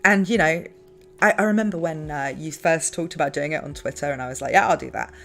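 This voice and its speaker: English woman host, gravelly fry in her voice, easygoing stream chatter with frequent laughs. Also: deep voice, fast, fairly bright tone. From England. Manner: laughs often, reads chat aloud. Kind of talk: casual stream chat.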